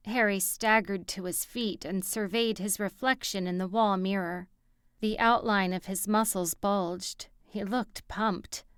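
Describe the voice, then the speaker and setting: A woman narrating an audiobook in a slow, even storytelling manner. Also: medium pitch, clear, resonant tone, no echo, studio quality. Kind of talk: scripted narration.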